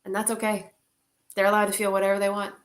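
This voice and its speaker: A woman's voice: medium pitch, monotone, fast talker. A woman leading an online group, talking casually, candid and heartfelt, with many "like"s and the odd swear word.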